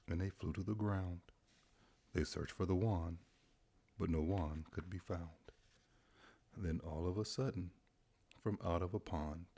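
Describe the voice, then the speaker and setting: A man reading a rhyming bedtime storybook aloud in a gentle, rhythmic way. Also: deep voice, breathy edge.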